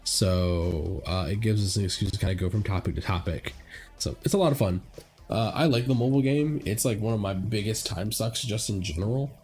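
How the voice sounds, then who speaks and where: A man's voice: on the low side, fairly quick, darkish tone, soft background music. Stuffed-up young man streaming a game. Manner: rambling, full of fillers like "like" and "uh". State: stuffed-up nose. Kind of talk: casual gameplay commentary.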